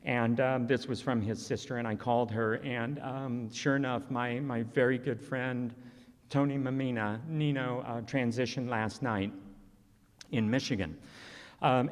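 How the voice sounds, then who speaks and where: A man giving a conference presentation, earnest and conversational, telling personal stories with open emotion. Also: medium pitch. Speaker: conference speaker. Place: conference hall. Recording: long reverb of a large hall.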